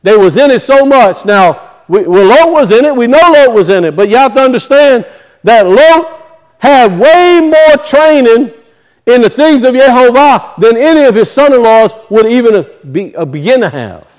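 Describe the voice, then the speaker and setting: High-voiced Cajun preacher. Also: male voice, animated, normal speed. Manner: emphatic, questions the congregation, folksy dialect grammar. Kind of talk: sermon.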